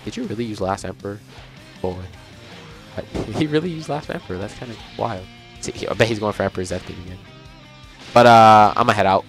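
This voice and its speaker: A young man giving casual, chatty commentary on a video game as he plays, reacting out loud and laughing often. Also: lowish voice, a little fast, pauses often. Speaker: gaming channel host. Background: game music.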